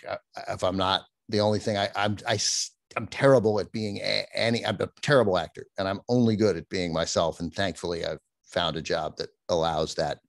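A middle-aged man, a film channel host, chatting in an interview in a low voice. He talks animatedly, cuts himself off and restarts his sentences, and now and then slips into a mock newscaster voice. The sound is dry and close. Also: no room sound. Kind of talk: conversational interview.

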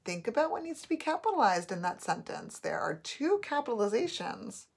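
A woman teacher giving a recorded spelling test, dictating words slowly and repeating each one. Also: on the high side, sing-song, creaky, breathy edge.

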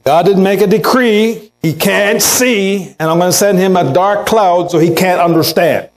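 A man's voice: sits high, normal speed, poor audio. A pastor preaching a sermon in a church, earnest, lifting his voice to act out quoted words. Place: church sanctuary.

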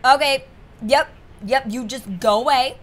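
Young woman, gaming host, somewhat high voice, jokey commentary, reads dialogue aloud, casual swearing. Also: unhurried. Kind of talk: let's play commentary.

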